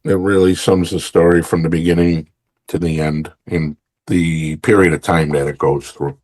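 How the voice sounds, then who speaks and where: A man as an author guest in an interview, speaking haltingly with many fillers. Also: low voice, fairly even intonation, darkish tone, no echo. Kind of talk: interview conversation.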